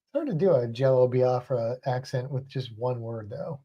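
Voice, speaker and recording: A man's voice: medium pitch, lively intonation, a little fast, dark tone, breathy edge. A man co-hosting a livestream in casual chat. He rambles, hesitates often and laughs a lot. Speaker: livestream co-host.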